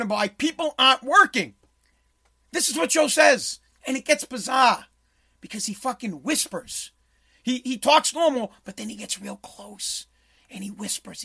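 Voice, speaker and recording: A man's voice: very high voice, animated, unhurried, gravelly, long pauses, sharp tone, breathy edge. A man who owns a small business, ranting sarcastically and profanely about politics while playing clips. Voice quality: blunt, sarcastic, swears freely. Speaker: commentator, small business owner. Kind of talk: profane political rant over video clips.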